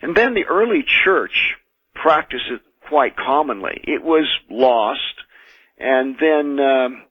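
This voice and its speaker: Man, from the United States, exorcist guest, husky voice, phone-line sound, earnest measured storytelling. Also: medium pitch, expressive, no echo. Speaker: exorcist and minister, radio guest. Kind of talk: radio call-in interview, recounting experiences. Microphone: telephone.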